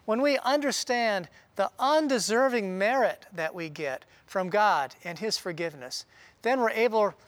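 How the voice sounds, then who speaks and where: A man preaching a sermon in an earnest, conversational way, often pausing with "uh". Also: sits high, lively intonation, a bit bright, dry recording. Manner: earnest, conversational, with frequent "uh" pauses. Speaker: pastor.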